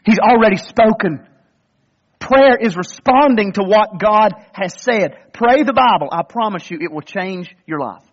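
A man's voice: high-pitched, lo-fi sound. A male pastor delivering a sermon in an earnest, conversational way, often restarting his sentences.

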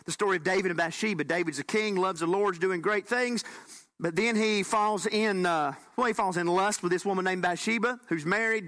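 A man pastor preaching a sermon, animated and folksy with bits of humor. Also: sits high.

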